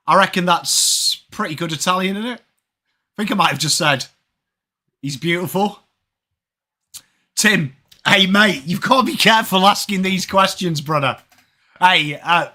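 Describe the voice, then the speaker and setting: A man's voice: on the high side, pushed and bright. A man in his thirties from England with an English accent, chatting with viewers during a live sports watch-along. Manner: chatty, greets chat viewers by name. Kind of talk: live stream chat.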